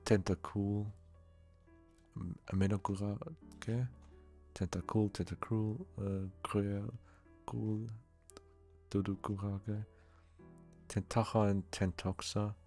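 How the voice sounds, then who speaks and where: Low-voiced swiss guy doing soft asmr chat, slow, trips over names, faint music behind. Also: steady tone. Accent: Swiss German. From Switzerland. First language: Swiss German. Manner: halting, stumbles over foreign names. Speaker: streamer.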